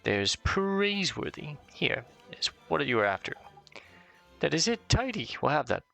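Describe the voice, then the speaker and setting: Brief: a man reading a cheeky little fairy, bright and bouncy, soft game music behind. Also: on the high side, big pitch swings, normal speed, gravelly, pitched above the performer's own voice, heavily acted. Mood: chummy. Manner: chummy, slangy, exclaiming.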